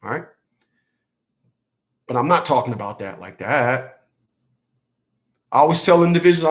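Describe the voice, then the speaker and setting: A man's voice: on the high side, sing-song, normal speed, pauses often. A man hosting his own channel, delivering a blunt, profane, preachy rant straight to his viewers. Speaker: channel host. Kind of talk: rant monologue to camera.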